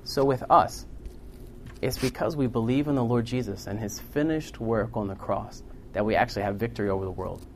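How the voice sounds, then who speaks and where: A man preaching a sermon to a congregation in a room, earnest and building to loud, emphatic peaks. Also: fairly low pitch, a little fast, a little hiss or hum.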